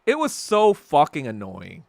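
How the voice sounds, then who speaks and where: A man hosting his own podcast in a solo rant, profane and heated, swinging between loud outbursts and low muttering. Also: huge pitch swings, a little slow, vocal fry, no echo. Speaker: podcast host. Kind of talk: solo ranting monologue.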